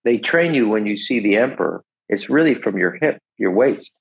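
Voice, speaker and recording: A man's voice: lowish voice, lively intonation, moderate pace, creaky, husky, lo-fi sound. A man in his sixties, a podcast guest, telling stories in a casual, rambling way, full of restarts and "et cetera". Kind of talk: casual storytelling.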